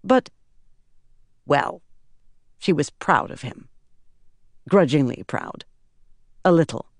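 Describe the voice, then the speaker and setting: Brief: measured fantasy-novel narrator, unhurried, dry booth read. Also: medium pitch, dry recording. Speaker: audiobook narrator.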